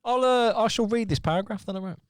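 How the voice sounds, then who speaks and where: A man's voice: sits high, fast, no room sound. A man co-hosting a podcast in casual, sweary, jokey banter. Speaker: podcast co-host. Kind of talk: casual chat.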